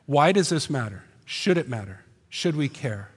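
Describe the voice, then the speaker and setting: A man preaching a sermon as pastor, animated and punchy, firing rhetorical questions at the congregation. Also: a little high, moderate pace, slightly rough. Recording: long hall reverb.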